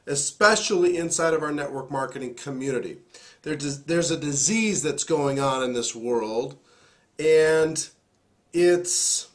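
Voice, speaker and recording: A hoarse man, still getting his voice back, hosting an emphatic, preachy motivational talk into a studio mic. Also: on the high side, fairly bright tone. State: hoarse, recovering voice. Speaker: host.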